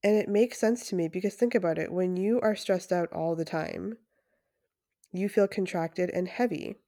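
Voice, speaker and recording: Young woman, solo podcast host, lowish voice, eager and rambling, dry close-miked sound. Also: moderate pace, mellow, no room sound. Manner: enthusiastic, chatty, frequent fillers and restarts. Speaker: podcast host and breathwork facilitator. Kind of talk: casual solo podcast monologue.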